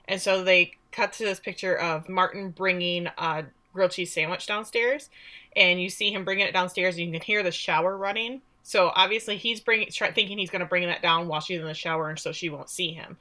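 Bright-voiced woman recapping a show. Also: fairly low pitch, moderate pace. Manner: chatty and sarcastic, acts out quotes with voices. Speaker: podcast co-host recapping a TV series. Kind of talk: casual chat.

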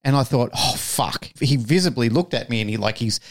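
A man's voice: mid-range voice, expressive, quick pace. A man co-hosting a podcast, telling a story casually and animatedly, swearing freely and acting out the lines he quotes. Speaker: podcast co-host.

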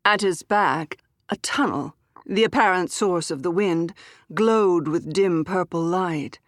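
Low-voiced woman narrating a story. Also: dry recording, studio quality. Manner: measured, expressive first-person reading. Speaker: audiobook narrator.

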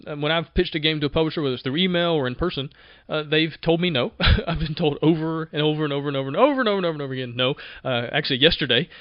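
Energetic podcast host guy, kinda high voice, dry dull-sounding mic. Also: no room sound. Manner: energetic, conversational, repeats words. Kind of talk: casual motivational monologue.

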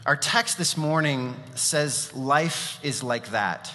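A man's voice: mid-range voice, slow, bright, forceful tone, slight background noise. A man preaching a sermon as pastor, telling stories casually with fillers and asides. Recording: long reverb of a large hall.

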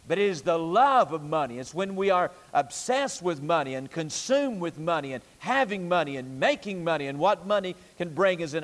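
A man preaching a sermon with a high, ringing voice and a drumming, repetitive cadence. His words hang in the long reverb of a church sanctuary. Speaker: pastor.

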